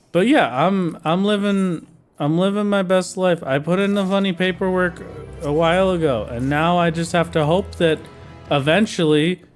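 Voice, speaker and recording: Playful man streaming a game. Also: fairly high pitch. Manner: playful, jokey, chatting with viewers. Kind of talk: casual livestream chat while gaming. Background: faint game music.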